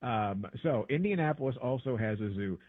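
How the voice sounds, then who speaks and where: A man in casual conversation, rambling along with plenty of ums and false starts and getting animated when something excites him. His voice sits at an ordinary pitch. It comes through a narrow, phone-like line with no room echo. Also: normal speed. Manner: rambling, animated, many fillers and restarts. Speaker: podcast co-host. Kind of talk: casual travel chat. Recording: dry, tinny phone-like sound.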